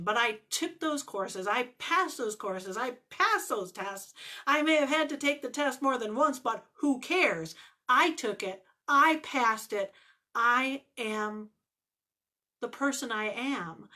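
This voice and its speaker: A woman's voice: fairly high pitch, bright, forceful tone. A woman life coach talking straight to the camera in an earnest, emphatic way, repeating phrases for emphasis. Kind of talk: direct-to-camera vlog talk.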